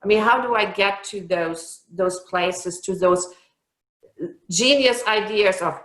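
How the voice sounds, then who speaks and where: Slow-talking woman host in a roomy space. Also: mid-range voice, fairly bright tone. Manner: enthusiastic, gushing reactions. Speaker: interview host. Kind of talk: casual interview.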